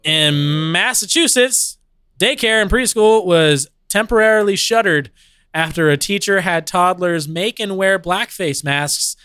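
A man's voice: high-pitched, unhurried, bright, forceful tone, clear, resonant tone, no room sound, studio quality. A man co-hosting a podcast in casual banter, laughing easily. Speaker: podcast co-host.

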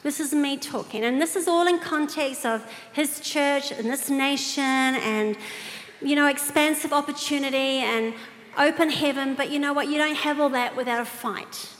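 A woman preaching to a women's gathering, telling a personal story with animated asides and direct questions to the audience. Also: sits high, moderate pace, a little hiss or hum. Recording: reverberant hall with faint ambience.

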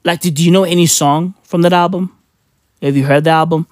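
A woman's voice: fairly low pitch, steady tone, a little fast, a little mellow, no echo, clean studio sound. Profane, slangy woman ranting. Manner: profane, slangy, emphatic, mocking. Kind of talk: casual ranting chat.

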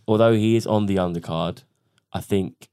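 A man's voice: lowish voice, fairly even intonation, normal speed, mellow, smooth, dry recording, clean studio sound. A young man co-hosting a casual chat, easygoing and trailing off with fillers.

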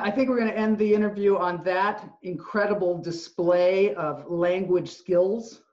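Guy hosting a chill podcast, kinda high voice, acts out the quotes, dull lo-fi sound. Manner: animated storyteller, acts out quotes. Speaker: podcast host. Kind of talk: casual interview chat.

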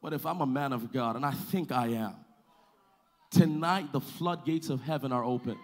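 A man preaching a sermon to his church, calling for responses and building to loud, sung-out climaxes. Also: mid-range voice, normal speed. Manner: preaching with call-and-response, swelling to shouts. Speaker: pastor.

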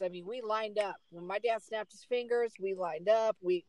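A middle-aged woman telling a story in casual chat, emphatic and animated. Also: no echo, low-quality recording. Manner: animated, emphatic storyteller with big swings in pitch.

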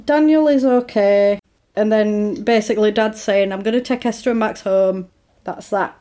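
A woman's voice: mid-range voice, moderate pace. A woman in casual chat, retelling a film's plot and acting out the characters' lines. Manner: animated, acts out characters' lines in quoted voices.

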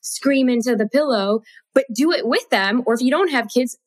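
Animated woman telling a story. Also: fairly high pitch, normal speed, no room sound. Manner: expressive, laughs mid-sentence. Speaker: guest author.

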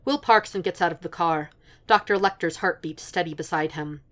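A woman narrates fan fiction as an audiobook. Her voice sits low, and she keeps a steady, even storytelling pace. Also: moderate pace.

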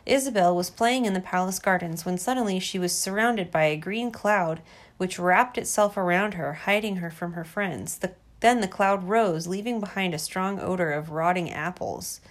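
A woman reading a storybook aloud to her child, gentle and expressive. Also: fairly low pitch, moderate pace.

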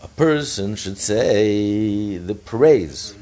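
A middle-aged man teaching a Talmud lesson, his pitch rising and falling freely as he explains. He reads a phrase, translates it, then corrects himself and moves on. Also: expressive, drawn-out words, dark tone. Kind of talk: daily page study lesson.

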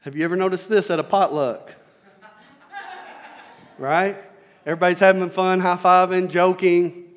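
A man preaching a sermon as pastor, moving from quiet conversational asides to loud, shouted passages. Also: sits high, level tone, normal speed, pauses often, in a large hall. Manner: preaching, swings from soft asides to shouted climaxes.

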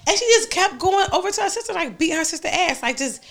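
Rapid, lively young woman spinning a story. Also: extremely high pitch. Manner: animated, profanity-laced storytelling. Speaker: podcast host. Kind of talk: casual chat.

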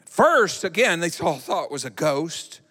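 A man preaching a sermon in an animated, dramatic way. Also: on the high side, measured pace, breathy edge. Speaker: pastor. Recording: echoey hall.

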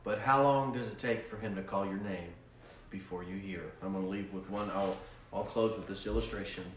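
A male pastor preaching a sermon in a repetitive cadence that swells with fervor and then softens into prayer. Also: sits low, fairly even intonation, a little fast, a little hiss or hum. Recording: roomy echo, mic at a distance.

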